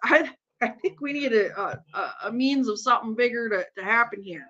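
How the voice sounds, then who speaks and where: A woman with a slightly high, expressive, fairly bright voice talks at a moderate pace while streaming live. Watching a game, she chats loosely and rambles, laughing frequently and cursing freely, captured in dull lo-fi sound.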